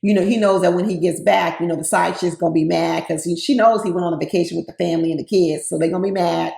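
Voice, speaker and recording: A woman's voice: on the low side, steady tone, quick pace, vocal fry, warm tone. A woman giving casual, opinionated commentary on a reality show, talking straight to her viewers with sass. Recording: roomy echo.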